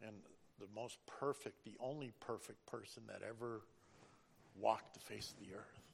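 A man's voice: fairly low pitch, steady tone, normal speed, vocal fry, a little hiss or hum. A middle-aged man giving an earnest, preacherly personal testimony about driving a school bus.

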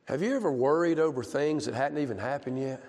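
A man's voice: mid-range voice, a little fast, darkish tone. A man preaching a conversational sermon, telling a personal story and asking the congregation questions again and again. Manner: repetitive, rhetorical questions to the congregation. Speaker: pastor. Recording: long hall reverb.

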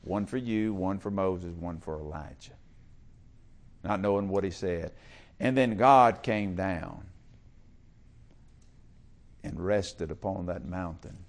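A man preaching a sermon in church, talking with the congregation and swinging from loud, stretched-out calls to quiet whispers. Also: low-pitched. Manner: talks with the congregation, calls for amen and uses y'all. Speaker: pastor.

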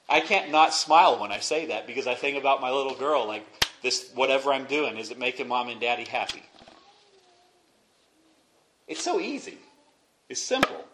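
A young man preaching a sermon as pastor, dropping to quiet asides and rising to loud, emphatic peaks. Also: medium pitch, animated, moderate pace. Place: church sanctuary. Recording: echoey room, faint noise.

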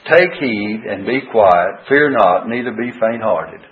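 Preacher on tinny radio broadcast. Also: male voice, animated, slow. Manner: folksy, conversational, rises high when stirred. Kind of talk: radio Bible teaching.

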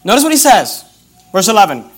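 A man preaching a sermon as pastor, reading scripture aloud and driving points home by repeating key phrases and stretching verses out slowly. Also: high voice, huge pitch swings.

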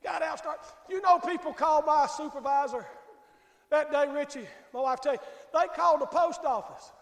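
High-voiced preacher in an echoey church. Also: male voice, moderate pace. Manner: folksy, emphatic, calls out the congregation. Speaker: pastor. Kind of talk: sermon. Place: church sanctuary. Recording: echoey hall with long reverb.

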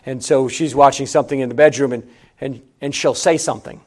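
A middle-aged male pastor preaching a sermon in a conversational way, repeating his phrases and swinging between emphatic rises and low, quiet asides. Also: fairly even intonation, a little fast.

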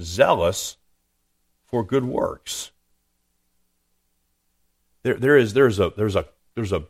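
A man preaching a sermon as a pastor, earnest, often restarting and repeating words as he reads and explains scripture. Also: deep voice.

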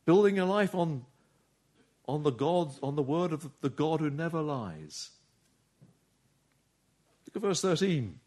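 A man's voice: a little high, very animated, a little slow, long pauses, darkish tone. A man preaching a sermon, earnest and urging, often putting rhetorical questions to his listeners.

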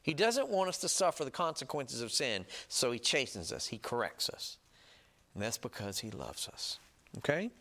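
A man preaching a sermon, emphatic and often checking in with "right?" and "okay?", reading scripture slowly and loudly. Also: medium pitch, big pitch swings. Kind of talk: sermon teaching.

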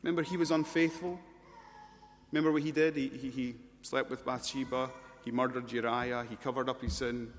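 A male preacher gives an expository sermon in a church, driving points home with rhetorical questions and repeated phrases. His voice sits at a middle pitch, and a long reverb trails each phrase through the hall. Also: level tone, brisk. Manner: rhetorical questions, emphatic repetition.

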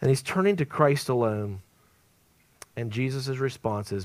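Guy preaching in church, goes big and loud then drops real quiet, very dramatic delivery. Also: mid-range voice, lively intonation, measured pace, pauses often. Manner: dramatic swings from loud emphasis to hushed near-whisper. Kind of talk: evangelistic sermon. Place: church service.

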